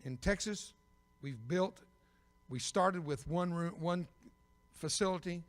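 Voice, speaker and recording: An older man preaches a personal testimony from the pulpit. His voice sits a little high, and he tells his story with sudden loud emphasis and dry jokes. The sound carries a long echo from a big church sanctuary. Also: takes it slowly. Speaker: evangelist.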